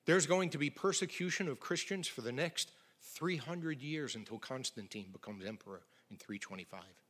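A middle-aged male pastor preaching a sermon with emphatic swings from loud declarations to near whispers. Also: mid-range voice, moderate pace.

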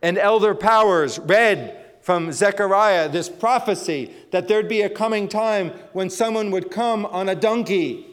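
A man's voice: high-pitched, a little slow, hardly any pauses, smooth. A male pastor preaching a sermon to his congregation, emphatic, repeating phrases and often restarting his sentences. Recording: long hall reverb.

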